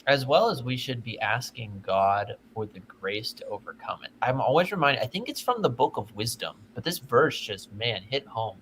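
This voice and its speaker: A man's voice: medium pitch, expressive, moderate pace, hardly any pauses, a bit bright, slight background noise. An earnest man speaks as a guest in a casual panel chat. He explains his points eagerly and often restarts his sentences partway through. He is on a video call. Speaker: podcast guest.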